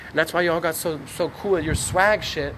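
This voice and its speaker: Excitable high-voiced man ranting outdoors. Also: fairly quick, background noise. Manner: excitable, profane, preachy. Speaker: vlogger. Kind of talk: rambling selfie-video monologue. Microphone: phone on a tripod.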